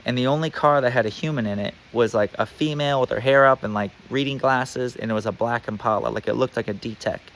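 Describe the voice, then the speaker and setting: A man's voice: medium pitch, fast talker, few pauses, fairly bright tone, a little hiss or hum. A man telling a personal story in a casual, rambling way, full of fillers and swearing.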